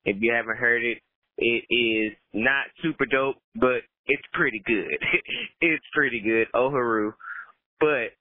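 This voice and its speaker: A young man calls in on a tinny, phone-thin voicemail line. He is brash and profane and teases cheerfully. His pitch sits in an ordinary middle range. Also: measured pace, no echo. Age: young adult. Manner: brash, profane, teasing, yells a catchphrase. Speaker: caller leaving a voicemail. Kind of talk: casual voicemail message.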